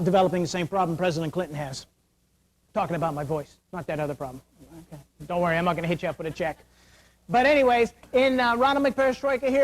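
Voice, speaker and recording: In a high voice that's starting to fail him, a middle-aged security awareness speaker jokes and asks rhetorical questions during a lecture to an auditorium. The recording quality is low.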